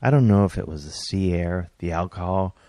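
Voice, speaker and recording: A man, a comedian and author, reading his own comic story aloud in a wry, deadpan way with bursts of exasperation. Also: sits low, fairly quick, no echo.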